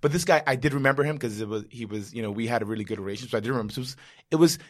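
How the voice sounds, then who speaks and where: A middle-aged man hosting a casual podcast, talking at a brisk clip. He tells stories animatedly and swears freely. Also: mid-range voice. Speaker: podcast host and trainer.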